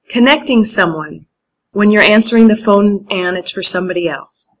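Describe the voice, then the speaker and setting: A woman's voice: mid-range voice, normal speed, fairly bright tone, rough recording. An American woman gives an English lesson, reading telephone phrases aloud for learners. She leans hard on the stressed words, so her delivery sounds almost sung. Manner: clear, strong word stress, sing-song delivery. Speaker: English teacher.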